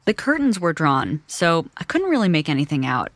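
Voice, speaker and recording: A woman reporter narrating a documentary story in a measured, wry storytelling voice. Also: sits low, big pitch swings, no echo.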